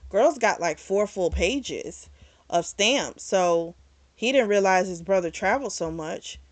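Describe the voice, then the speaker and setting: A chatty woman sums up a book's plot with frequent fillers and the odd curse word. Her voice sits at an ordinary middle pitch. The sound is dry and close, with no room echo. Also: animated, measured pace. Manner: candid, swears casually. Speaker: book reviewer. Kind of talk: casual book review recap.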